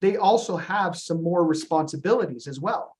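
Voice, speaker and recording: A man leading a business presentation on a group call, animated and storytelling, with frequent ums and retold dialogue. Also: a little high, normal speed. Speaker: company founder presenting to agents on a call.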